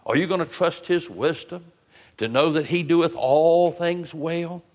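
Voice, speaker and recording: A man preaching a sermon, asking repeated rhetorical questions with drawn-out emphasis. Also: on the high side, a little mellow, long reverb tail. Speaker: pastor. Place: church.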